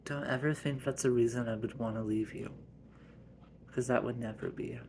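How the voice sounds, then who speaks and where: A man voicing a loving young wife who gently but firmly tells her husband off. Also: medium pitch, steady tone, moderate pace, slight background noise, close to an everyday voice.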